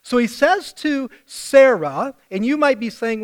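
A middle-aged male pastor delivers a sermon in a high voice. He speaks slowly and tells the story vividly, stopping again and again to ask the congregation questions. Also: lively intonation.

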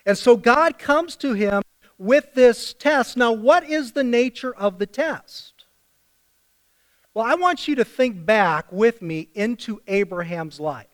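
A man's voice: high-pitched, a bit bright. A middle-aged male pastor preaching a sermon, telling the story and putting questions to the congregation.

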